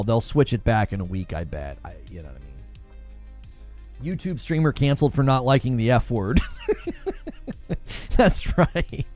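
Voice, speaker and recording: A man hosting a casual gaming livestream, animated and laughing often as he reads and answers chat. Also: medium pitch.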